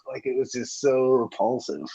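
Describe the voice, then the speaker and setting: A man's voice: mid-range voice, normal speed, gravelly, dark tone. A man in a casual chat who rambles and swears a lot, with many fillers. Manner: profane, rambling, filler-heavy. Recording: dull lo-fi audio.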